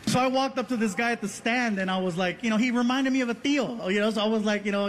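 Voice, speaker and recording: A man telling a comic anecdote, animated and laughing through it. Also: very high-pitched, fast talker, few pauses, a little hiss or hum.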